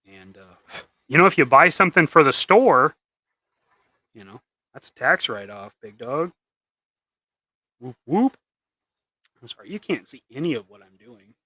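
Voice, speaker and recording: A slightly high male voice swings widely in pitch, unhurried and full of pauses, bright and forceful in a dry recording. He's live streaming his custom action figure painting, chatting and joking loosely with viewers and restarting often.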